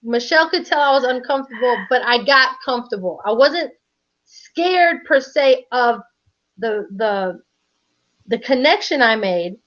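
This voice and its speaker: Female live-stream co-host, high voice, casual storyteller, dull lo-fi sound. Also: a little slow. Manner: animated storytelling, laughs often, casual slang.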